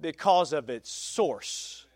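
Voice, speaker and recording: A man's voice: fairly high pitch, expressive, takes it slowly, darkish tone, dry recording. A male pastor preaching a sermon with emphatic stress, folksy asides and changing pace.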